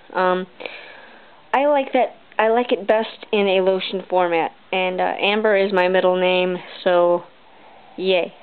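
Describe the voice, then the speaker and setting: A woman's voice: medium pitch, smooth. A young woman reviewing lotions in a chatty, bubbly way with many ums, in her bedroom. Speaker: beauty vlogger. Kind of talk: casual product review. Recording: tinny lo-fi camera audio.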